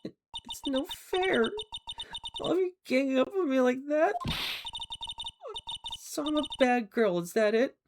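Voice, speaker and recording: A man's voice: very high voice, expressive, unhurried, long pauses, background noise, pitched above the performer's own voice, full character voice. A man voicing a brash, sly young woman witness who whines petulantly and sneers at the lawyers. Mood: petulant whining. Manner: pouty, baby-talk whining, then sneering. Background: game music.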